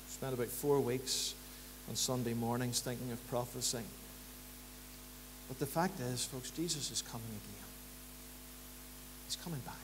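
Preacher in a reverberant church. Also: male voice. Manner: rises to emphatic, rhythmic repetition, then drops low and quiet. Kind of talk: sermon. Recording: church hall reverb, faint hum.

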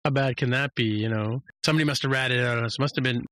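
Male co-host, chatty episode recap, mid-range voice, jumps high to act out characters, dry booth sound. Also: fairly even intonation, fast talker, a bit bright, dry recording. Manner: rambling recap with many restarts, acts out lines in a raised voice. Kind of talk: casual chat.

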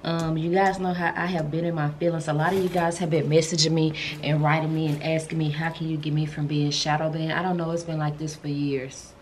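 Vlogger, female, 30s, low-ish voice, emotional and chatty, noisy home recording. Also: flat delivery, fairly quick, few pauses, a little mellow. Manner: chatty and emotional, calls viewers y'all and baby. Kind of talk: casual vlog chat. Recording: noticeable background noise.

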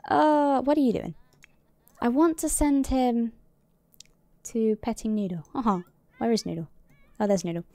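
Over faint background music, a woman streamer with a fairly high, warm voice offers casual gameplay commentary at a measured pace. She's chatty, mutters to herself, and swears mildly. The sound is dry, with no echo.

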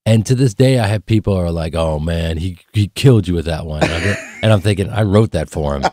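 Male guest actor, studio radio chat, slightly low voice, dry booth sound, animated storyteller. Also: brisk, no echo. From Chicago. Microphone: studio microphone.

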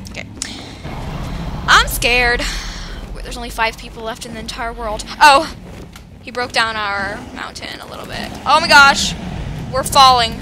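Her voice sits on the high side and moves at a normal speed, with background noise behind it. This woman, a gaming YouTuber, jokes around with the other players during a video game, her goofy commentary punctuated by theatrical screams and outbursts.

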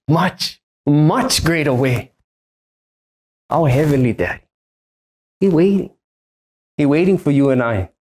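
A man's voice: medium pitch, darkish tone. Guy from hawaii preaching, says the big lines twice for emphasis, church stage. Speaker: pastor. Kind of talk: sermon.

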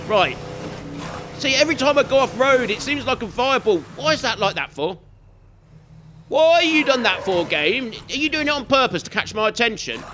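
A man's voice: very high-pitched, background noise. A man giving chatty let's play commentary, teasing and scolding the game and its characters as he plays. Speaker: gaming YouTuber.

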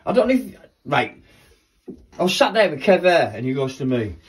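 Jokey man, lively pitch. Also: normal speed. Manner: jokey rambling storyteller. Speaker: vlogger. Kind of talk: casual chat while baking. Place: home kitchen. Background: rock music playing from a smart speaker.

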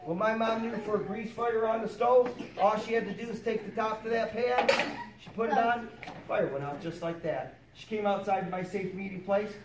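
A man performing a fire safety show for preschoolers, telling a story in an animated, sing-song way. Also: sits high, moderate pace. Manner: animated, sing-song, talks down warmly to little kids. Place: preschool classroom. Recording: roomy, distant, with children and noise. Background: young children chattering and answering.

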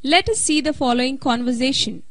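A woman narrating an English lesson in a slow, deliberate, scripted way. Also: high-pitched, a bit bright, dry recording.

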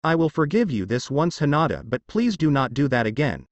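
A man voicing a stern, commanding adult werewolf warrior in a lively reading voice. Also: fairly high pitch, fairly quick, no room sound, dull audio.

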